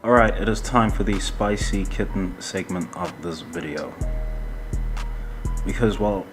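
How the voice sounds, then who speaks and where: A man's voice: low-pitched, a little slow, music in the background. A man hosting a casual commentary show, rambling and heated, swearing often and laughing between points. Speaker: podcast host.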